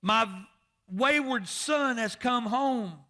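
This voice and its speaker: A man acting out a jubilant father welcoming his lost son home, calling out loudly in a raised voice. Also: very high-pitched, drawn-out words, voice pushed up, full character voice. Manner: loud, exultant commands.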